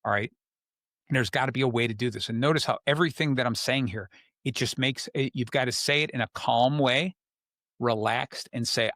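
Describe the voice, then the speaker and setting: Male podcast host, mid pitch, calm and explanatory, dry close sound. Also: fairly quick, no room sound. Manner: calm, explanatory, tells stories. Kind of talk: casual coaching talk.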